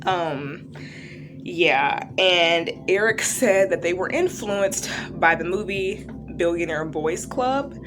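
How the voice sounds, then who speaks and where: A woman's voice: fairly low pitch, animated, slow, over music. A woman recapping a TV series in a casual, chatty way, full of fillers and loose asides. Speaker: true-crime reaction vlogger.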